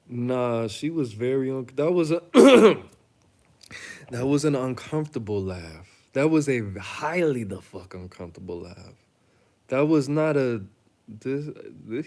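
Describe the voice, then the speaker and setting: A man's voice: mid-range voice, sing-song, unhurried, a little mellow. A young man hosting a reaction channel, talking casually and bluntly to the camera, joking and telling stories in slang. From Chicago.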